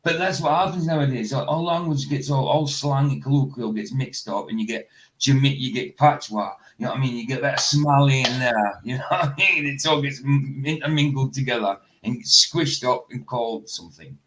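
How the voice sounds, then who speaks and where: Man, casual chat, rambling, quick laughs, mid-pitched voice. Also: fairly bright tone, slight background noise, poor audio. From Fraserburgh, Scotland. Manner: rambling, laughs often, restarts sentences. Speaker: co-host reacting to a video.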